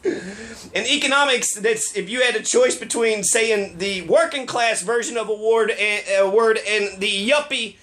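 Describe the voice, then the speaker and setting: A man's voice: high-pitched, a little slow, bright, forceful tone. A man giving a casual, rambling political rant, sarcastic and full of profanity. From Colorado. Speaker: local political commentator.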